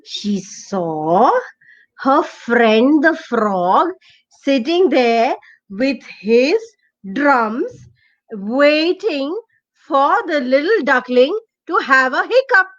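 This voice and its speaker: Woman storyteller, expressive children's tale, slow delivery, muffled lo-fi audio. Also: high voice. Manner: expressive, asks the listener questions. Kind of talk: children's story read-aloud.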